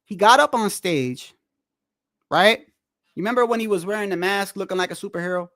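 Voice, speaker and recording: Man, high voice, casual rambling reaction talk, dry close sound. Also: brisk, bright, forceful tone, no echo. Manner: rambling, repeats "bro", restarts often. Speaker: streamer reacting to boxing clips.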